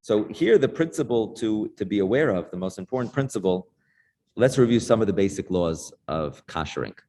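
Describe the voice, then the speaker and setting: A man's voice: fairly low pitch, lively intonation, brisk, darkish tone, a little hiss or hum. A middle-aged man with a New York accent giving an informal class as a rabbi, chatty and storytelling, with frequent restarts.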